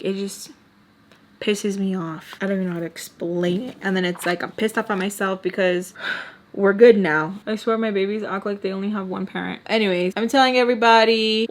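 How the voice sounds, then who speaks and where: A woman in her twenties telling a personal story casually on her channel, heated and profane, rambling with lots of fillers. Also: mid-range voice.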